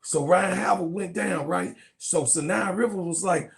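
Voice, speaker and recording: A man giving loud, profane, joking sports commentary, laughing and calling out to his viewers. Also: high-pitched, normal speed, gravelly. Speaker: sports vlogger. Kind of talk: casual comedic sports commentary.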